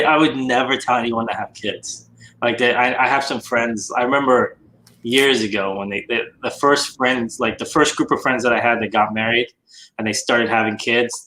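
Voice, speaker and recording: Chatty man with a bright, forceful voice. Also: mid-range voice, low-quality recording. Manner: chatty, tells stories about his kids. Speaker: podcast guest. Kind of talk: casual chat. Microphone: video call.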